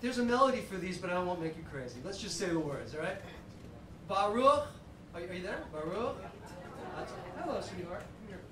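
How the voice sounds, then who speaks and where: A man's voice: sits high, lively intonation, quick pace, hardly any pauses. A man leading a shofar service as cantor, chatty and joking as he conducts the congregation. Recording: echoey hall, far from the mic, noisy.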